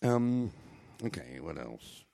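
Brief: older male stage storyteller, very deep and gravelly, dark tone, rambling and jokey, swings his pitch a lot. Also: big pitch swings, slow. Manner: rambling, jokey, self-mocking. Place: live stage venue.

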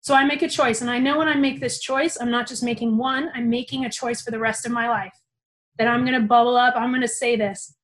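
A young woman telling a personal story in an animated, casual way, swearing freely. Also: fairly high pitch, a little fast, poor audio.

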